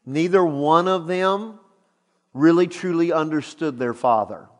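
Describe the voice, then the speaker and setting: A middle-aged man preaching a sermon as a pastor, emphatic and animated as he retells a story. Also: fairly high pitch, unhurried. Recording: long hall reverb.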